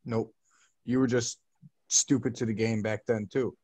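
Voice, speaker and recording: A man's voice: medium pitch, flat delivery, unhurried, darkish tone, dry recording. A man co-hosting a casual podcast, cracking jokes, teasing his co-host and swearing freely. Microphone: podcast mic.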